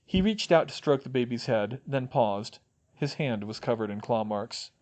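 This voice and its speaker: Expressive male audiobook narrator. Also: mid-range voice, normal speed. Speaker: audiobook reader. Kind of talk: fan fiction audiobook narration.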